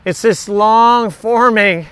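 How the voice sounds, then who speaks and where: A man's voice: sits high, slow pace, fairly bright tone, clean tone, no echo. A middle-aged man leading a Bible study in an informal sermon, talking conversationally, repeating key words and slipping in jokes.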